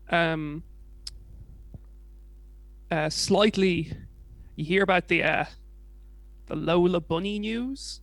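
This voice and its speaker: A man's voice: high-pitched, takes it slowly, creaky, long pauses, a bit bright, dry recording. English male co-host, young, rambling and sweary, dry close sound. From England. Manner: rambling, hesitant, swears casually. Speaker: podcast co-host. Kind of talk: casual chat.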